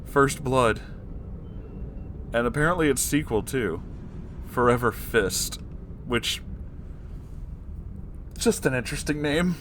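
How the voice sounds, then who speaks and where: A young man reading bad fanfiction aloud, slow and amused, with incredulous asides. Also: medium pitch, animated, fairly bright tone, a little hiss or hum. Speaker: fanfiction reader. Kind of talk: comedic story reading.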